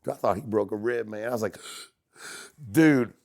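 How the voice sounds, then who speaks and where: A man on a podcast as a guest, chatting casually and telling animated stories, acting out quotes. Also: lowish voice, rapid-fire, creaky. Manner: animated storyteller who acts out quotes.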